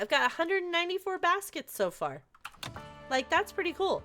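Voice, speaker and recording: A woman's voice: extremely high pitch, big pitch swings, normal speed, sharp tone. A woman streaming a game live, chatting casually and gushing over her chat. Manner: bubbly, gushes over chat.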